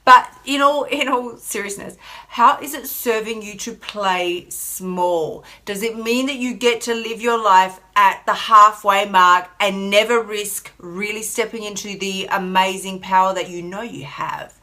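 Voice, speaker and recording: Sassy Australian woman, bright voice. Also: medium pitch, fairly even intonation, measured pace. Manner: sassy, emphatic, reads viewer comments aloud. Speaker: life coach host. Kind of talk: motivational live stream chat.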